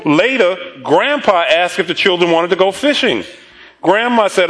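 A middle-aged man preaches a sermon, his voice sitting a little high for a man. He tells stories with frequent chuckles and stumbles over repeated words before pressing on. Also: moderate pace, a bit bright, poor audio. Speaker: pastor.

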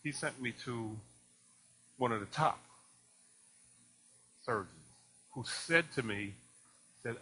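A man's voice: medium pitch, moderate pace, pauses often, slightly rough. A man preaching a sermon, asking the congregation questions and acting out conversations with laughter. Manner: animated preaching, rhetorical questions, acts out dialogue with laughs. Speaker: pastor.

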